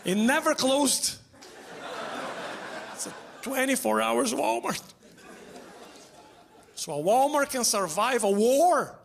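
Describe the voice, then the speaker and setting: A man doing stand-up comedy, deadpan and chuckling at his own jokes, on a stage mic. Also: very high voice, takes it slowly, gravelly, pauses often, noisy background. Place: theater stage before a live audience. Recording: live show with crowd laughter. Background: audience laughter.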